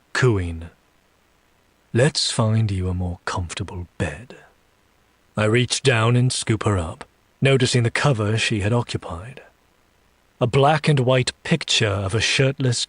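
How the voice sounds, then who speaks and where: Deliberate first-person story narrator, a man with a low husky voice, recorded dry and close. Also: dry recording. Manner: slow, deliberate, low reading with menacing asides. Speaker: story reader.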